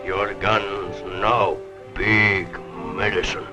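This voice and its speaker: A man playing a solemn old tribal chief who speaks broken English slowly and gravely, with music behind. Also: lowish voice, flat delivery. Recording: old 1960s TV soundtrack with music.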